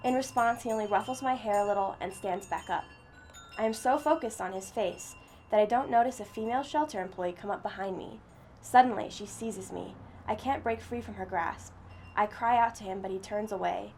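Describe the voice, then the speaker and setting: A woman reads a first-person story aloud, steady and earnest. Her voice sits at a middle pitch with a gravelly texture, and there is a faint noise behind it. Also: fairly quick. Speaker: story reader.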